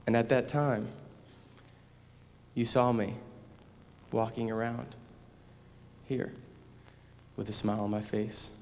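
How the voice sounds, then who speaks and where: A man's voice: medium pitch, steady tone, takes it slowly, long pauses, darkish tone. A young man giving a personal testimony talk, recounting his past solemnly and plainly. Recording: echoey hall with long reverb.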